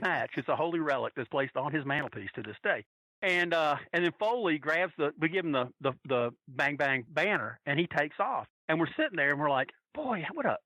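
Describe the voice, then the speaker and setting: A man from North Carolina casually telling a story as a podcast guest, animatedly acting out quotes in a higher voice. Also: bright, forceful tone, no echo, rough recording. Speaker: podcast guest, wrestling fan.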